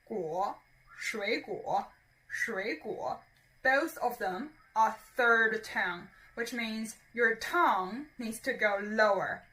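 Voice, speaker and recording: A woman's voice: a little high, bright, forceful tone, recorded from a distance. A woman teaching a beginner language lesson, patiently repeating words for learners, a little playful.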